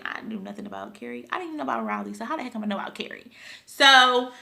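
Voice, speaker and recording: Young woman from buffalo, storytime vlog, chatty and heartfelt, very bright voice, a bit high. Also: very fast, vocal fry. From Buffalo, New York. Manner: chatty, addresses viewers as y'all, emotional retelling. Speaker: vlogger.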